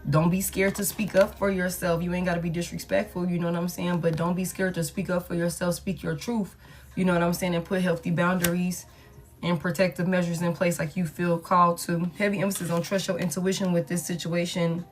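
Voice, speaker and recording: A woman gives a casual tarot reading. She talks in a blunt, slangy way and keeps repeating herself. Her voice sits a little low, with soft music underneath. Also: little pitch movement, a little fast. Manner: blunt, repetitive, slangy, says "you know what I'm saying". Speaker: tarot reader.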